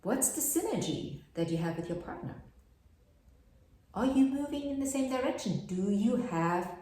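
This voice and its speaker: A woman's voice: fairly high pitch, expressive, normal speed, warm tone. A woman giving a casual astrology forecast, chatty and full of rhetorical questions. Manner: chatty, asks many rhetorical questions, laughs at herself. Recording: very echoey room.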